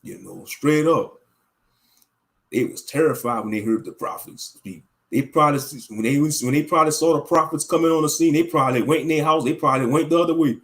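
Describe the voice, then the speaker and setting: A man leading a fervent spoken prayer with a repeated cadence, then talking in loose, animated casual chat as a religious commentator. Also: a little high, brisk.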